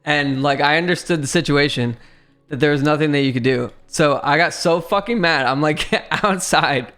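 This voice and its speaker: A man's voice: a little high, moderate pace, soft background music. A young man telling a frustrating story on a livestream, swearing often and laughing as he goes. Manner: swearing, animated retelling with laughs. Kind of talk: casual storytelling chat.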